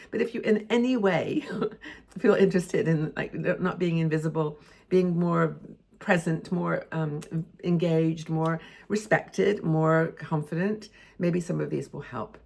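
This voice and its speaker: A woman in her sixties talks straight to camera, sharing tips in a chatty, expressive way full of little asides. Her voice sits low and has a gravelly, husky edge. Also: moderate pace. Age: 60s. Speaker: lifestyle video host. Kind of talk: casual tips talk to camera.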